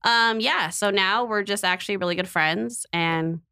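A woman's voice: mid-range voice, normal speed, smooth. A young woman casually telling a dating story on a podcast, acting out the quotes and laughing as she goes. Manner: animated, acts out quotes, laughs often. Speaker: podcast co-host.

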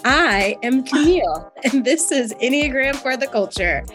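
A woman from North Carolina co-hosting a podcast as a therapist, telling personal stories in an animated, chatty way with frequent laughter. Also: high voice, unhurried, soft background music. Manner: animated, laughs often, chatty with many fillers. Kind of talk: casual chat and personal storytelling.

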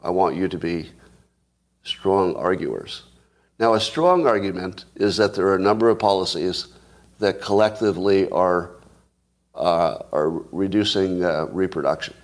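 Low-voiced man riffing to live viewers. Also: a little slow, long pauses. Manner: conversational, talks to live viewers, repeats words when restarting. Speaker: podcast host. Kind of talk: casual livestream monologue.

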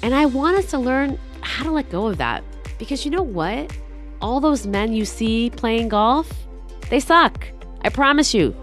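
A woman hosting a podcast, talking in an upbeat, enthusiastic way as she introduces the show and interviews a guest. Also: fairly high pitch. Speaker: podcast host.

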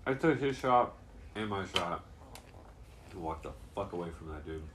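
A young man with a very deep, low voice recounts a night out in loose, casual chat. He swears freely and laughs as he talks. A faint hiss of background noise sits under the recording. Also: animated, normal speed.

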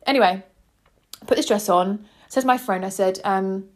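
A woman's voice: medium pitch, moderate pace. A woman in her twenties, hosting a podcast and telling a personal story in an earnest, heartfelt, chatty way. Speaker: podcast host.

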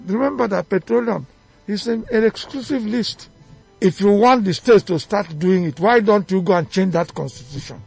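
A man's voice: high-pitched, normal speed, vocal fry, a little mellow, husky, faint music behind. A Nigerian man, a chief, arguing emphatically as a guest in a radio studio, firing off rhetorical questions. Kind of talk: heated radio debate.

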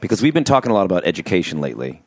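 A man's voice: deep voice, sing-song, racing, no echo. A man hosting an interview in an easygoing, loose, self-deprecating way. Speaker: host. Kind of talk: conversational interview.

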